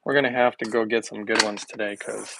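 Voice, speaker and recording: A man's voice: lowish voice, fairly even intonation, fairly quick, vocal fry. Chatty, joking man in a noisy kitchen. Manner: playful, jokey, chatty, laughs often. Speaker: vlogger making a smoothie. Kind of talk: casual rambling monologue to camera.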